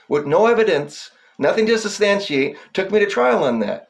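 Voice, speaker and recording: A man's voice: high voice, sing-song, normal speed, creaky. A man delivering an agitated, profane, rambling rant straight to camera, repeatedly addressing his viewers as folks. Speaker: self-publishing filmmaker addressing police. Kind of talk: angry direct-to-camera rant.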